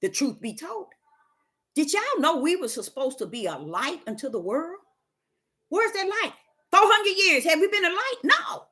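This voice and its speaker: A woman, talking in a casual spiritual monologue, preachy, with sudden high exclaims and low quoted voices. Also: very animated, normal speed, pushed and bright. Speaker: host.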